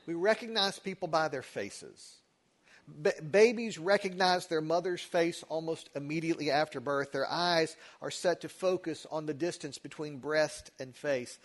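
A middle-aged man, preaching a sermon as a pastor and telling stories with quick asides that shift between loud and quiet. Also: on the high side.

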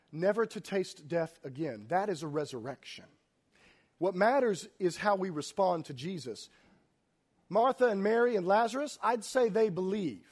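A man preaching a sermon, reading scripture aloud and explaining it, swinging between hushed and loud delivery. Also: sits high, breathy edge.

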